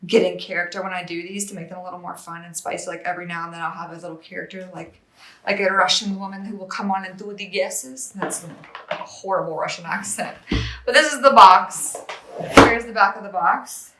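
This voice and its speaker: A woman's voice: fairly low pitch, steady tone, fairly quick, bright, forceful tone, roomy sound. A woman chatting casually as a regular presenter, reading out a board game box with rambling, self-deprecating asides.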